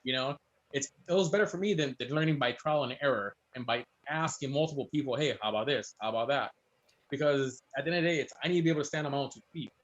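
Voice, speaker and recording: A man's voice: on the high side, dull audio. A man, a guest chef, telling stories in casual chat and acting out quoted voices. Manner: fast, storytelling, animated quotes.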